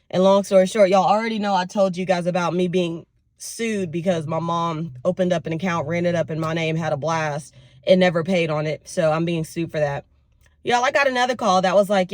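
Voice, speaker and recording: A young woman vlogging casually to camera, telling her week in an expressive, venting way. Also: mid-range voice, dry recording, studio quality. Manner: expressive, venting, lively storytelling. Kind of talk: casual vlog talk to camera.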